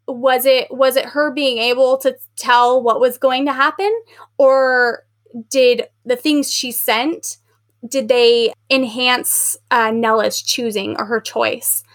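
A woman co-hosting a book podcast, talking casually with lots of fillers and animated retellings. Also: a little high, takes it slowly. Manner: chatty, filler-heavy, animated retelling with acted quotes. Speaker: podcast co-host.

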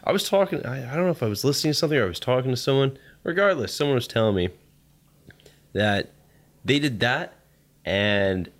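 A man's voice: medium pitch, lively intonation, fairly quick. A young Canadian man co-hosting a podcast in casual chat, teasing and questioning, swearing now and then. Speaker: podcast co-host.

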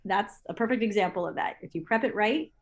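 A woman recounting television production stories in an interview, lively, acting out her own past thoughts aloud with many fillers and restarts. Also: medium pitch, fast, highs cut off. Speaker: interview guest, TV assistant director. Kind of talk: storytelling in an interview.

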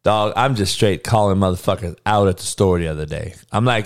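A man's voice: sits low, fairly quick, hardly any pauses. A man hosting a show, delivering an irritated, profane, blunt ranting monologue. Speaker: show host.

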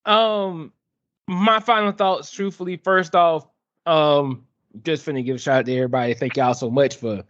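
A man with a high, bright voice co-hosts a casual gaming chat. He rants in an animated, exasperated way. The recording is dry and dull, with a lo-fi sound. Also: dry recording. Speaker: podcast co-host.

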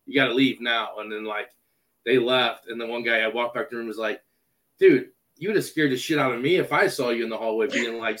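A man telling a story in a casual chat, animated and acting out the dialogue. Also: fairly high pitch, rough recording.

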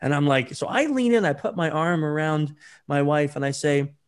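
A man's voice: fairly high pitch, normal speed, smooth. A man being interviewed as a social engineer and author, telling stories with animation and acting out the people he quotes. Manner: animated, acts out quoted dialogue. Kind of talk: interview storytelling.

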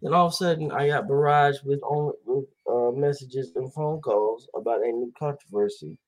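In a medium-pitched voice at normal speed, a man hosting a casual podcast rambles animatedly about basketball, leaning on fillers and acting out quotes.

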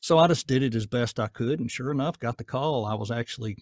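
A man with a Southern accent, talking casually in an interview in a folksy, down-to-earth way with a gruff edge. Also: medium pitch, quick pace, dry recording, clean studio sound. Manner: folksy, down-to-earth, rambling with fillers. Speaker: voice actor guest.

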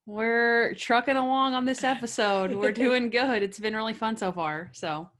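A woman's voice: on the high side, normal speed, a bit bright. Chatty woman podcast host. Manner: friendly, chatty, teasing. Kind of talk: casual podcast chat.

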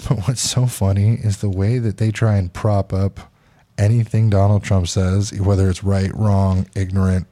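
Low, dark-voiced man chatting bluntly. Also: little pitch movement, moderate pace. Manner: blunt and opinionated, swears casually. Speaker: podcast host. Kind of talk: casual chat reading news aloud.

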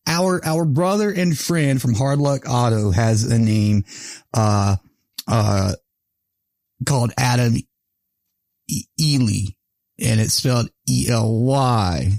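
A man's voice: mid-range voice, slow, vocal fry, long pauses, a little mellow, dry recording, studio quality. A man hosting a podcast in loose, profane casual chat, laughing often between his words. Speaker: podcast host.

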